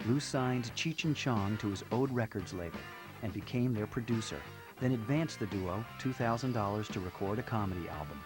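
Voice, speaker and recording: A man reading scripted documentary narration in a measured, storytelling way. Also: fairly low pitch, expressive. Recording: narration over loud music.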